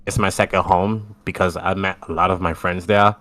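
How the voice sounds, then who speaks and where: A man's voice: deep voice, level tone, normal speed, a bit bright. A Japanese man, a podcast guest speaking English as a second language, chatting casually and earnestly. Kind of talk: casual chat.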